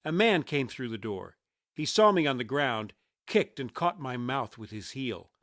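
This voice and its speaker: Guy narrating a gritty crime story, lots of pitch swing, dry close sound. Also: very animated, unhurried, fairly bright tone, no echo. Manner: terse, hard-boiled delivery. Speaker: audiobook reader. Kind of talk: dramatic reading of a first-person crime novel.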